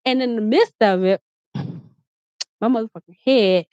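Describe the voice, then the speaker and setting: A woman vlogger with a fairly high voice talks fairly quickly while telling a personal story in her bedroom. Her speech is casual, candid and profane, full of "like" and restarts. The recording has no echo and a dry, slightly dull lo-fi quality.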